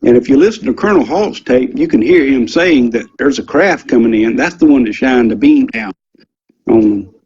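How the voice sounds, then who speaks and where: An older man with a drawl tells his story in a loose, rambling way, filling pauses with ums and the odd curse word. His voice sits at an ordinary middle pitch. The recording sounds dull and lo-fi. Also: expressive, a little mellow, husky. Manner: rambling, folksy, with frequent ums and mild swearing. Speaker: interview guest, former military security policeman. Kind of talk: casual storytelling recollection. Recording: dull lo-fi audio.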